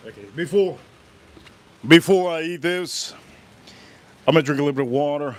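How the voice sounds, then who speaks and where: Guy on a livestream munching and chatting away, voice a bit on the high side. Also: normal speed. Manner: chatty, reacts aloud while eating. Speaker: livestream host. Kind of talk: casual livestream food tasting.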